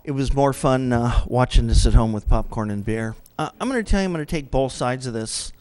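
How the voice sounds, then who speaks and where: A man giving a blunt public comment at a city council meeting into a podium microphone, asking himself questions and answering them flatly. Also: medium pitch, fairly quick.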